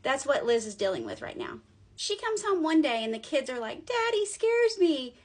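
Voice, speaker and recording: A young woman with a fairly high voice tells a ghost story as casual chat. She is blunt, sarcastic and swears freely, and she slips into what the people in the story say. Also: big pitch swings, fairly quick. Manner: sarcastic, blunt and profane, acting out quotes. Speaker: paranormal storyteller.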